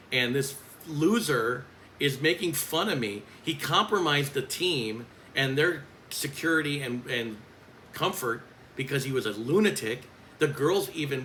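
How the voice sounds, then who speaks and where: A man's voice: medium pitch, bright, forceful tone, a little hiss or hum, poor audio. A man who works as a coach, speaking in a bitter, blunt and profane vlog rant.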